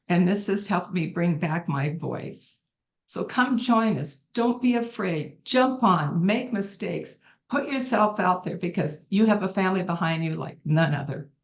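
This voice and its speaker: A woman's voice: on the low side, expressive, a little slow. A middle-aged woman giving an emotional, earnest testimonial on a video call, speaking from the heart and rambling a little.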